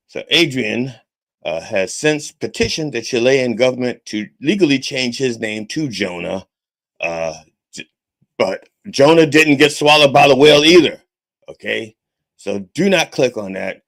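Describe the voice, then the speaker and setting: Profane, animated comedic rant host. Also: male voice, medium pitch. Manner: profane, repetitive, keeps asking okay. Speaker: podcast host styled as a reverend.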